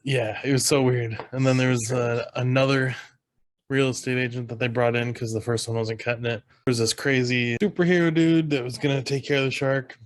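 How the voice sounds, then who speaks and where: A man's voice: mid-range voice, flat delivery, brisk. A man co-hosting a podcast, rambling through a movie plot in casual chat. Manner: rambling plot recap with quoted lines. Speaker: podcast co-host.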